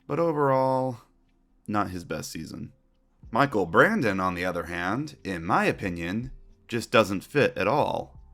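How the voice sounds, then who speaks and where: A man's voice: fairly low pitch, very animated, a little slow, a bit bright. A man narrating a scripted retrospective commentary, opinionated and wry.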